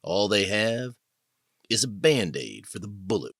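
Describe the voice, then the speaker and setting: Deep-voiced male audiobook narrator. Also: lively intonation, fairly bright tone, no echo, studio quality. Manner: measured, descriptive storytelling.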